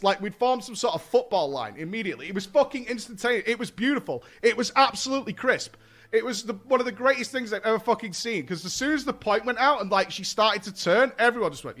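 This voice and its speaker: A man's voice: sits high, quick pace. A man telling a story casually to his stream chat. He swears freely and acts out the lines of the people in the story. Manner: animated, swears a lot, acts out quotes. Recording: faint music behind.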